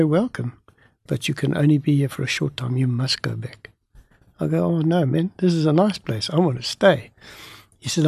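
A man's voice: on the high side, creaky, darkish tone, husky, no room sound, studio quality. A man telling a personal testimony in the first person, acting out the dialogue as he retells it. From farming background. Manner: vivid retelling that acts out dialogue.

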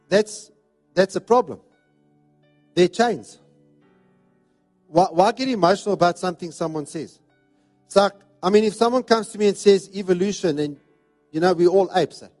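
A high-voiced man delivers a sermon, hammering his points home with repeated phrases. Soft music plays faintly beneath his voice. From South Africa. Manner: emphatic, repetitive preaching cadence. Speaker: pastor.

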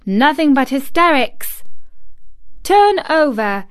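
A woman reading an audiobook, voicing a furious, bossy little girl who shouts and scolds. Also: fairly high pitch, slow pace, dry recording, studio quality. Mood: commanding. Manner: shouting, scolding, stamping emphasis. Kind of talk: audiobook character voice.

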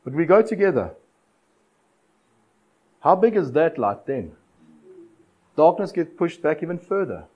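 A man preaching a sermon, urging his listeners with repeated phrases and dramatic pauses. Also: fairly high pitch, big pitch swings, darkish tone, breathy edge, muffled recording. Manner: exhortative, repetitive cadence with dramatic pauses.

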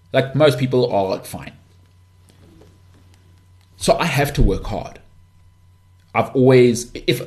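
With a fairly low pitch, a man with a Johannesburg northern suburbs South African accent hosts his podcast, rambling through a candid, blunt rant filled with restarts and asides.

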